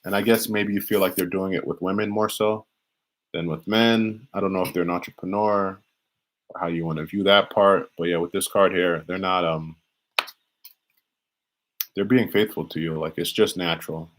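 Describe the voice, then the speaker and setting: A man's voice: deep voice, steady tone, normal speed, low-quality recording. A man giving a live-streamed tarot reading in a casual, rambling way, restarting and repeating phrases as he talks. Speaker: tarot reader.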